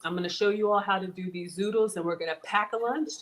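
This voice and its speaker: A woman's voice: medium pitch, fast talker, rough recording. A middle-aged woman, hosting a live cooking stream and chatting casually as she reads out viewer comments.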